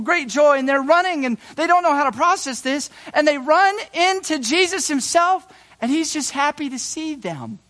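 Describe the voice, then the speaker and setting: A man preaching a sermon, dramatic and folksy, dropping to hushed low passages and rising to loud excited bursts, with casual asides and restarts. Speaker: pastor.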